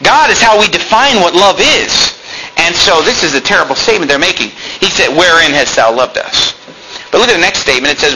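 Fired-up preacher guy, high voice, sermon w/ bible quotes, bit of hiss. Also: expressive, a little fast, sharp tone, rough recording. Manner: preaching with rising fervor, quoting scripture. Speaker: pastor.

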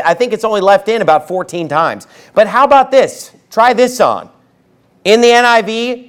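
A man with a high voice delivers a fiery sermon from the pulpit. He swings from low, quiet asides to loud outbursts, and he slows down hard whenever he quotes scripture. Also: clean tone. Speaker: pastor.

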